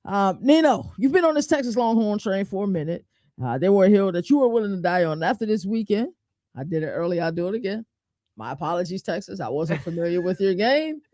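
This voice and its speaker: A male co-host on a sports talk livestream, easygoing and quick to laugh. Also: sits high, animated, mellow, dry recording. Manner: easygoing, laughs often, agreeable.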